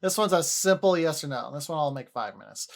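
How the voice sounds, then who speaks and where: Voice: mid-range voice, animated, a little fast, vocal fry, a little hiss or hum. A livestreamer in casual chat with viewers, rambling, often repeating and restarting words, and laughing easily.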